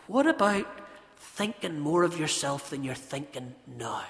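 Impassioned preacher, church reverb. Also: male voice, fairly high pitch, lively intonation, unhurried. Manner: impassioned, swinging from loud emphasis to hushed intensity, rhetorical questions. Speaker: pastor. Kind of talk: sermon.

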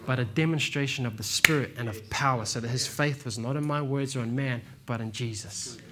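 A man preaching a sermon in a relaxed, slangy way, telling stories and calling listeners "man" and "bro". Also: medium pitch, fairly quick, a loud crowd. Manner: laid-back, slangy, says "man" and "bro". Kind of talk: casual sermon with storytelling.

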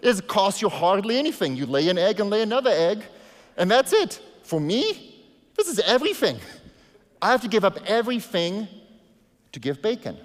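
A man's voice: sing-song, moderate pace, long reverb tail. A man voicing a reluctant, self-pitying talking pig in a sermon story, complaining indignantly. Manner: indignant, high-pitched complaining.

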